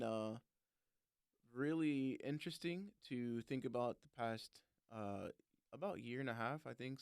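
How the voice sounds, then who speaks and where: A man's voice: mid-range voice, creaky, clean tone, no room sound, studio quality. A man co-hosting a casual faith podcast, joking around with playful asides. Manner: joking, animated, lots of fillers and playful asides. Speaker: podcast co-host.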